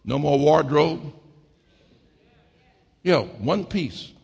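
A middle-aged man preaching a sermon as pastor, calling for amens and swinging from low murmurs to shouts. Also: lively intonation, drawn-out words, vocal fry, breathy edge, big-room sound. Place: church sanctuary.

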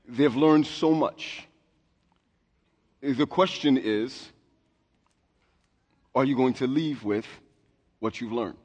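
Male pastor, 40s, mid-pitched, loose conversational sermon delivery, long church-hall reverb. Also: takes it slowly, pauses often, darkish tone. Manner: conversational, self-deprecating, with restarts. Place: church sanctuary.

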